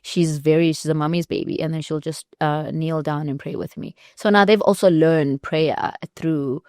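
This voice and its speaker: Expressive South African woman host. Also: sits low, normal speed, no echo, clean studio sound. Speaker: podcast host. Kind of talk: casual conversation.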